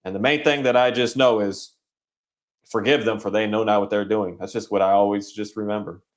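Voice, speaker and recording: A man's voice: fairly low pitch, steady tone, brisk. A man appearing as a podcast guest, talking casually and thoughtfully, searching for his words. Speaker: guest dog trainer. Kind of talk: casual conversation.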